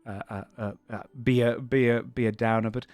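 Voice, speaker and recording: A man voicing a nervous, excitable male dragon who frets and stumbles over his words. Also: mid-range voice, fairly quick, no echo, lightly acted. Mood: anxious.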